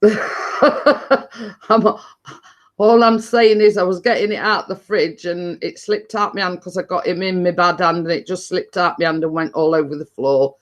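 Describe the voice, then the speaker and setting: A woman's voice: fairly low pitch, fairly even intonation, a little slow. A middle-aged woman, chatting casually with viewers as a live stream host, laughing often and restarting her sentences.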